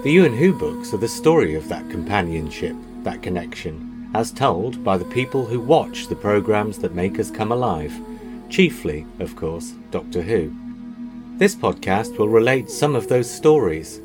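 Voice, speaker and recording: A man hosting a podcast, reading a scripted introduction and then chatting with a co-host in a measured, reflective way. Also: on the low side, expressive, over music. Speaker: podcast host and series editor.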